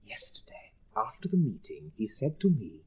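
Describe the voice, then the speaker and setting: A chattering schoolmaster, husky, pompous, lively swooping delivery, 1960s recorded stage drama. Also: male voice, fairly low pitch, normal speed, heavily acted. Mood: cheerful. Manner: pompous, chattering, self-satisfied. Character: fussy, cheerful middle-aged male schoolmaster husband.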